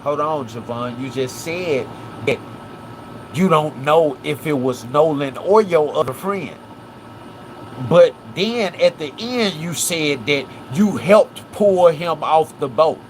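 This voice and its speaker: A man's voice: a little high, slow pace, slight background noise. A man from Memphis, hosting a casual livestream. He breaks down a case and keeps checking in with "right?" and "watch this". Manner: animated, repeats "right?" and "watch this". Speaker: livestream host.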